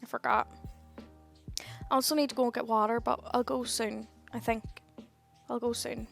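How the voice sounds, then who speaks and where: High-voiced tired woman streamer chatting. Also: flat delivery, moderate pace, vocal fry. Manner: chatty, reads and answers viewer chat, sighs and laughs at herself. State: tired, yawning. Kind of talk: casual live-stream chat. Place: at home. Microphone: headset. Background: faint game music.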